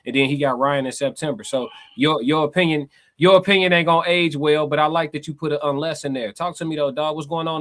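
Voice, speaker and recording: A man hosting a live stream in a laid-back, slangy way, reading out comments and teasing his callers. His voice is bright and forceful, and it sits fairly high. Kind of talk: casual chat.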